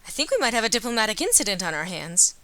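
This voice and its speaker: A woman reading a dating-sim game aloud as a let's player, adding wry, deadpan asides. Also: medium pitch, rapid-fire, dry recording. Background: game music.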